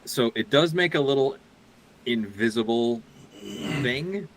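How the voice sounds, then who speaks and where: A man playing a tabletop game chats casually, thinking aloud and correcting himself as he plans his moves. His medium-pitched voice is expressive and slow-paced, and the audio quality is poor.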